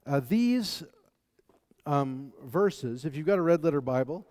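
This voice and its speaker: A preacher giving a conversational sermon with fillers and self-corrections, reading Scripture and praying in a softer, lower voice. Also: male voice, expressive, a little slow. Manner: conversational, with fillers and self-corrections, turning soft and low in prayer. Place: church or large hall. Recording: long hall reverb.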